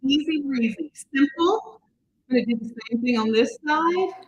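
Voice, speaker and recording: A woman's voice: sits high, animated, moderate pace, poor audio. A woman demonstrating makeup in a casual tutorial, chatty and talking viewers through each step, sometimes quizzing them. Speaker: makeup artist demonstrating products.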